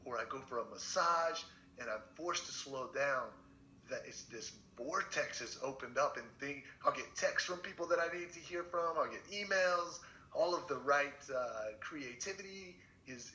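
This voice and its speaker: A man's voice: on the high side, lively intonation, normal speed, sharp tone. A man hosting a podcast, talking in a reflective way and thinking aloud as he asks questions. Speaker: podcast host. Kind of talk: casual interview. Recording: echoey dull room with faint noise.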